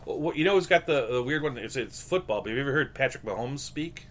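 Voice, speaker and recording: A man in his thirties co-hosting a podcast in casual chat, rambling with halting restarts and deadpan jokes. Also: medium pitch. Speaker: podcast co-host.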